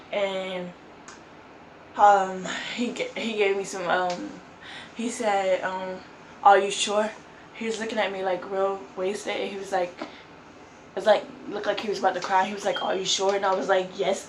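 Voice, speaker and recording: A woman's voice: medium pitch, a little hiss or hum. Rambling woman vlogger, echoey room. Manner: rambling, filler-heavy with frequent "like" and "um". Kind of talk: casual storytime. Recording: roomy echo with faint ambience.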